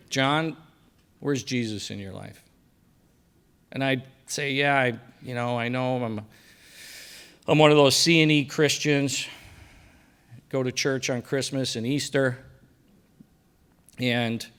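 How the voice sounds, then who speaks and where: A middle-aged man giving a personal faith testimony at a breakfast event, telling his story and dropping quiet for quoted lines. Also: mid-range voice, clear, resonant tone. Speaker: guest speaker sharing testimony. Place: banquet hall at a breakfast event.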